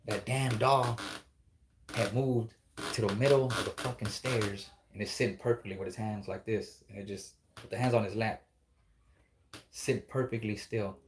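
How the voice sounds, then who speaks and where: A man with a fairly low voice tells a spooky story in a loose, rambling style. He swears freely and slips into the voices of the people in it. A faint hiss sits under the recording. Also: steady tone, moderate pace. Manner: profane, rambling, acts out quoted dialogue.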